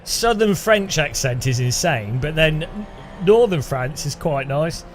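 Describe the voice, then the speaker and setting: A man's voice: a little high, animated, a little slow, slight background noise. A man streaming a racing game in casual, rambling chat with a faint music bed behind. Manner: rambling, chatty, laughs often, hums and imitates sounds.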